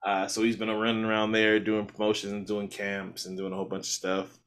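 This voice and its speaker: A man's voice: on the low side, a little fast. A man co-hosting a casual podcast chat, laid-back and full of slang, recapping news for listeners. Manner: animated, laid-back slang, quotes others. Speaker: podcast co-host.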